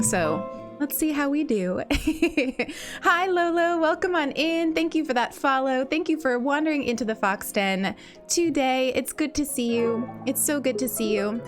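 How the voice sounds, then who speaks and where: A woman with a high voice chats casually on her livestream and greets her viewers in a bubbly way. She often says things twice and laughs between lines, and a slight morning cough comes through. Faint music plays in the background. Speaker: livestream host.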